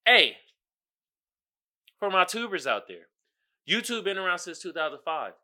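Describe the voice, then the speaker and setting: A male podcast host with a very bright, ringing tone and a voice that leaps around in pitch. He talks in an easygoing, unhurried way but keeps bursting into exclamations and laughs. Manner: animated, exclaiming, laughing often. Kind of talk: casual solo commentary.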